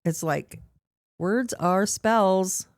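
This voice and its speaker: A woman hosting a casual interview, supportive and quick with short affirmations. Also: mid-range voice, no echo. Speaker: podcast host.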